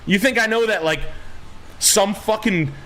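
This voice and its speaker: A man hosting a livestream, ranting loudly and emphatically with lots of swearing. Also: sits high, a little slow. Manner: loud, swearing, emphatic, rambling. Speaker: streamer host. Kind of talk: profane livestream rant.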